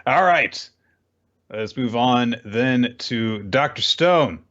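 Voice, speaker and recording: Man, podcast co-host, wry, laughs often, lively pitch, dull lo-fi recording. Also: takes it slowly. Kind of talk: casual manga recap chat.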